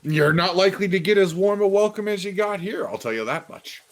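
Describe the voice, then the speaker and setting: A man voicing a gruff, suspicious male shopkeeper who talks with scorn and mockery. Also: sits high, lively intonation, fairly quick, pitched above the performer's own voice. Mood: scornful. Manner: scornful, mocking.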